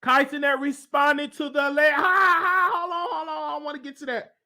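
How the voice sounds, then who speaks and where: A man's voice: extremely high pitch, steady tone, brisk, pushed and bright. A man hosting a show, reading messages aloud and adding his own comments, often stopping to scroll back and reread. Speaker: show host.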